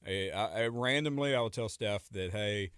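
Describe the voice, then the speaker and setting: A man's voice: medium pitch, moderate pace, fairly bright tone, clear, resonant tone, no echo, clean studio sound. A man in his thirties chatting casually as a radio guest, rambling and joking, often trailing off mid-sentence. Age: 30s. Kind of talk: casual chat.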